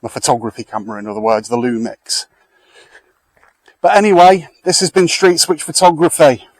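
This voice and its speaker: A middle-aged male vlogger strolls through a back lane near a fire, chatting to viewers through a handheld camera in a casual walk-and-talk. His fairly high voice stays fairly even at a moderate pace as he rambles and speaks straight to his audience. The recording is rough but has no echo.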